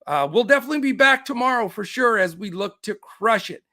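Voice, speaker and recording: Upbeat, high-voiced man. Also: expressive, sharp tone, no room sound. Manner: quick, upbeat, many fillers. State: out of breath. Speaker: fantasy sports host. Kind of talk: live-stream picks rundown.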